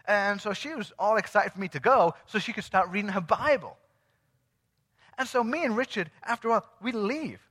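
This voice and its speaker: A man telling a testimony from the pulpit as a sermon, animated and acting out the dialogue. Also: high voice, fairly quick, husky. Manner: animated storyteller who acts out quoted dialogue. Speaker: church speaker sharing a testimony. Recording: long reverb of a large hall.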